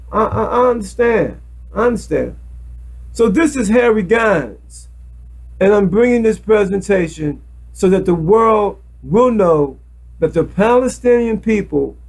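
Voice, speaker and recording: A man talks into a webcam in a loose, preachy monologue, circling back and repeating words as he goes. His voice sits high and swings widely in pitch, with a husky edge to it. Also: darkish tone, rough recording. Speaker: self-made video commentator. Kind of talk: casual monologue to camera.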